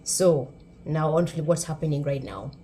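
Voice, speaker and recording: A woman's voice: low voice, lively intonation, moderate pace, warm tone, slight background noise. Wry Kenyan woman vlogging. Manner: wry, sarcastic and emphatic. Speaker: YouTube commentator. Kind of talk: humorous commentary vlog.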